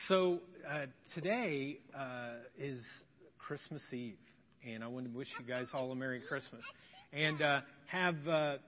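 A man speaking to children in a church, in a friendly, halting way full of "uh"s, with a fairly high voice. The sound is dull and lo-fi, with a long reverb from the hall. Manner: friendly, hesitant, many "uh"s.

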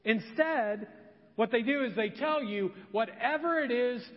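A man with a strikingly high voice preaches in an easygoing, self-deprecating way, slipping into stories. His voice rings with long reverb through a church sanctuary and sounds slightly dull. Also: unhurried. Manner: conversational, self-deprecating storytelling. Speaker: pastor. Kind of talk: sermon.

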